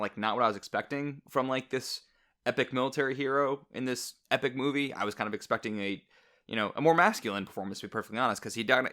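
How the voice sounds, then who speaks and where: A man co-hosting a film podcast who talks in a quick, candid and reflective way. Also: mid-range voice, pushed and bright. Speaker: podcast co-host. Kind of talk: casual film discussion.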